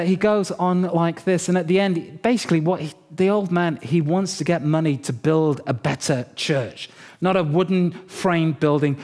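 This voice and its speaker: A middle-aged man preaching a sermon as pastor, telling a story in a lively, humorous way. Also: on the high side.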